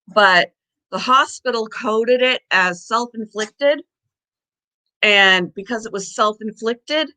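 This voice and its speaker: Bright-voiced woman chatting casually. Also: mid-range voice, poor audio. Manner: chatty, rambling storytelling with frequent restarts. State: out of breath. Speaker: vlogger. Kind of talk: casual chat.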